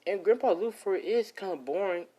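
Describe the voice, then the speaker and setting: A man squeaking as a cheeky little gingerbread man. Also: animated, a little fast, dark tone. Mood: pestering. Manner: whiny, high-pitched and chattering.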